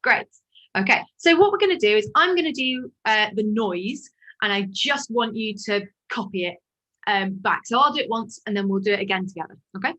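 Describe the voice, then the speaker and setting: A woman leading an online choir warm-up over a video call, encouraging the singers and demonstrating each sigh and call herself. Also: mid-range voice, expressive, brisk. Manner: encouraging, demonstrates vocal calls and sighs. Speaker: choir leader.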